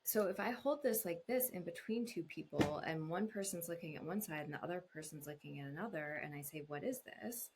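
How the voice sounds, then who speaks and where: A woman speaking as a couples therapist in an interview, explaining calmly and acting out voices in quoted examples. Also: a little fast, hardly any pauses, noisy background. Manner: explanatory, acts out voices in quotes with big pitch jumps. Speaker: couples therapist, podcast guest. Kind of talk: conversational interview answers.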